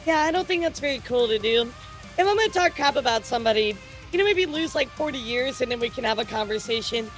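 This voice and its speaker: A woman's voice: fairly high pitch, expressive, fast, faint music behind. A woman hosting a casual livestream news show, chatty and teasing, often breaking into laughter. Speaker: streamer and news host.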